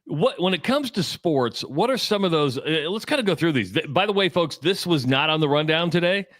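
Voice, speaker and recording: A man co-hosts a sports talk radio show with a somewhat high voice. His delivery is lively and full of pitch swings, and he often jokes at his own expense. The studio sound is dry and close. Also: fairly quick, dry recording. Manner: joking and self-deprecating.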